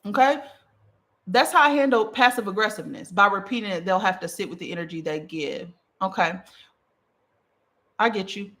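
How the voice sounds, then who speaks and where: A woman coaching on communication in a casual teaching talk, emphatic and animated, checking in with the listener after nearly every point. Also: medium pitch, moderate pace, pauses often. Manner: emphatic, checks in with "okay?" and "right?"; animated, punchy delivery.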